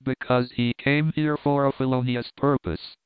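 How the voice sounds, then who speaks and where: A man voicing a curt, urgent investigator, giving his lines briskly in an audiobook reading. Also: medium pitch, steady tone, clean tone, no echo, natural voice. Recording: dry, tinny narrow-band audio.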